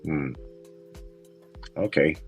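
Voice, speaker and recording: A man, a moderator chatting in a friendly way, asking halting questions. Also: very deep voice, breathy edge, faint music behind. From Israel. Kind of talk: casual chat.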